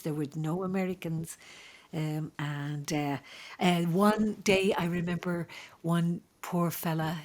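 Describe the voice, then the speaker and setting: Low-voiced Irish woman, halting storyteller. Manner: halting, with frequent fillers and restarts. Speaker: midwife recounting her experiences. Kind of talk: conversational podcast storytelling.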